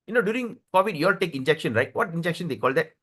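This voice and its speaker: A man's voice: on the high side, expressive, very fast, a bit bright. A middle-aged man teaching a devotional scripture class, often searching for words and asking his listeners questions.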